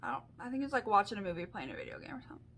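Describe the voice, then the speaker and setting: A woman's voice: mid-range voice, big pitch swings, racing, creaky, fairly bright tone, a little hiss or hum. A woman in her thirties telling a story to her viewers in a casual, chatty vlog, full of fillers and asides. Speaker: beauty vlogger.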